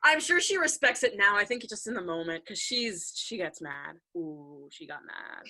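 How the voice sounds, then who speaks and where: Young woman guest, bright and animated, playful chat over a call. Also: a little high, moderate pace. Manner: playful, lively, laughing often. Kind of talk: casual chat.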